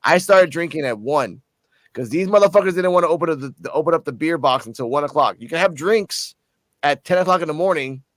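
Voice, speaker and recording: Excited, cursing man telling a story. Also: on the high side, a little fast, no echo. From Puerto Rico. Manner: profane, animated, excited storytelling. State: tipsy. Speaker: channel host. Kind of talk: casual storytelling vlog.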